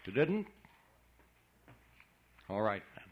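A man voicing an excitable male museum guide who talks in theatrical, gushing patter. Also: fairly low pitch, slow pace, dull audio, heavily acted. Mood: eager. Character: showy, excitable male museum guide, eager know-it-all.

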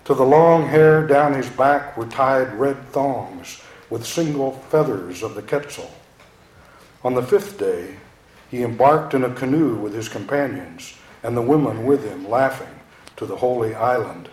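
A man reading poetry aloud in a slow, incantatory, dramatic way. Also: medium pitch, a little mellow. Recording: roomy echo.

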